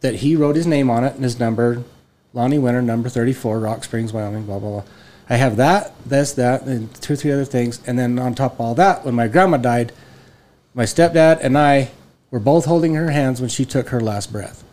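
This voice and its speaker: A man in his forties telling a long rambling story on a podcast in a casual, animated way, full of restarts. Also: medium pitch, fairly quick. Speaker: podcast host.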